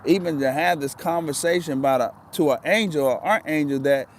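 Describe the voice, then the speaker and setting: A man's voice: a little high, brisk, slight background noise. Earnest man telling his story. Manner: earnest, repeats himself for emphasis. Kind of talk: casual storytelling.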